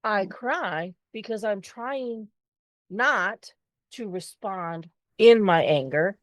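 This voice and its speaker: A woman's voice: mid-range voice, slow, dry recording. A woman co-hosting a podcast, talking candidly and expressively in casual chat, swearing freely. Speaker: podcast co-host.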